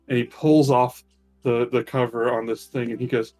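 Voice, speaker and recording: A man running a tabletop game as game master, narrating loosely with many ums and pauses. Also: medium pitch, little pitch movement, darkish tone, soft background music. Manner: loose, hesitant, lots of ums.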